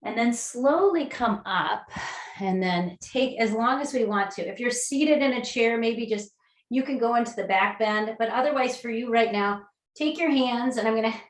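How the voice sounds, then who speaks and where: A woman leading an online mindful movement and breathing class, guiding gently and slowly with soft breathy cues, over a video call. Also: a little high. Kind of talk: guided movement and breathing lesson.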